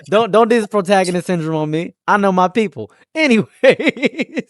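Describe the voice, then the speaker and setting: A man hosting a casual commentary chat, rambling and joking with excitable bursts. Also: sits high, normal speed, no room sound, clean studio sound. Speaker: channel host.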